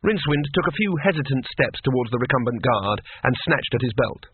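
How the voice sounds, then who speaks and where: A man reading a comic story aloud in a wry, lively way, in a dry, tinny recording. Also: medium pitch, a little fast, breathy edge, no room sound. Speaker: narrator. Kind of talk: scripted comic narration. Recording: dry, tinny phone-like sound.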